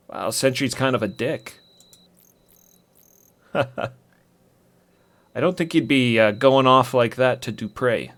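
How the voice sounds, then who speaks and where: A guy streaming an old rpg, chill and jokey, just talking over the game at a plain middle pitch. he makes quick wisecracks as he goes. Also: fairly bright tone. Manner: casual, joking. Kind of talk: live game commentary.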